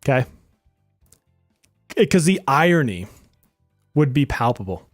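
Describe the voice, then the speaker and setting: Lively, exasperated male game streamer. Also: mid-range voice, a little slow, no room sound, studio quality, faint music behind. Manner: exasperated, joking, swears and laughs often; talks to chat viewers directly. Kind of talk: live-stream gaming commentary.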